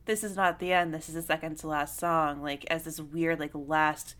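A young woman co-hosting a casual film discussion, animated and swearing, full of "like" fillers. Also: low-pitched, normal speed. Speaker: podcast co-host.

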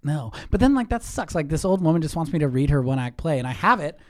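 Animated man telling stories, dry sound. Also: a little high, fast, no echo. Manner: animated storyteller, mimics voices in quotes. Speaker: podcast host. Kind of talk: casual chat.

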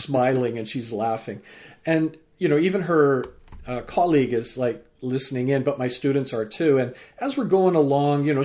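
A man guest on a podcast, a teacher and speaker, telling a story with lively acted-out dialogue. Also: fairly high pitch. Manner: animated, acts out quoted dialogue. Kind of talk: storytelling in an interview.

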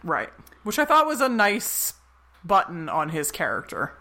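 A woman's voice: on the low side, wildly swooping pitch, unhurried, noisy background. A woman co-hosting a podcast, chatting casually about a movie and making wry, joking asides. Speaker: podcast co-host. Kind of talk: casual movie recap chat.

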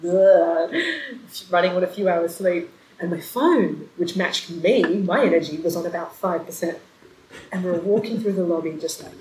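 A woman telling a story in casual chat, animated, laughing often and acting out the voices of the people she quotes. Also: mid-range voice, moderate pace, a little hiss or hum. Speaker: storyteller in a conversation. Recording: roomy echoey recording.

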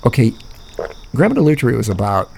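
A man's voice: medium pitch, sing-song, brisk, vocal fry, darkish tone, a little hiss or hum. A man telling a rambling, profane story in a casual podcast chat, often laughing. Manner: rambling, profane, laughs through his stories.

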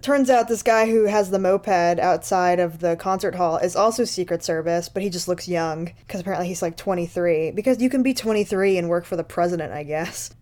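A woman's voice: on the low side, brisk, hardly any pauses, a little mellow. A woman casually recapping a movie for a podcast, sarcastic and profane, laughing often. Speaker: podcast co-host.

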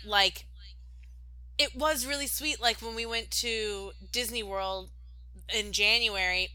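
A young woman co-hosting a podcast, rambling warmly and with plenty of fillers in casual chat. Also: mid-range voice, no echo, rough recording. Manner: gushing, rambling, many "like"s. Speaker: podcast co-host.

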